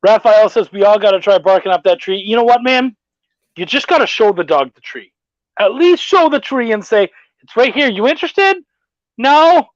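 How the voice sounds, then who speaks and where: A man's voice: high-pitched, animated, normal speed, dry recording. A man hosting a casual podcast, telling stories with plenty of swearing and reading out viewer comments. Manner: profane, storytelling, laid-back. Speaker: podcast host. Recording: dull dry lo-fi sound.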